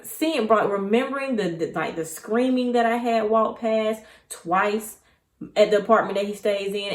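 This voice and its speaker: A young woman telling a story in a casual, chatty way that wanders off on tangents as she relives what happened. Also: medium pitch. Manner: chatty, digressive, animated retelling. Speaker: vlogger. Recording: echoey room.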